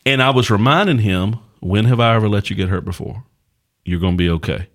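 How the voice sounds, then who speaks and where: Low-voiced man telling a folksy story. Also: brisk, fairly bright tone. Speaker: pastor and podcast host. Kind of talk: casual podcast chat.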